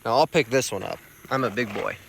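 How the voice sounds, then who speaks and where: Young male outdoor vlogger, bright-toned, mid pitch, excitable and slangy, crickets behind. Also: a little fast, gravelly, a little hiss or hum. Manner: excited, chatty, self-mocking, slangy. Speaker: field herper vlogger. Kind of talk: casual vlog narration on the road. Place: outdoors on a rural road at night.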